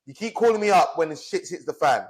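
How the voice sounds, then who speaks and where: Fired-up man, fast and high. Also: animated, husky. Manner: angry, swearing, fired up. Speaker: podcast co-host. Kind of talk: heated casual rant.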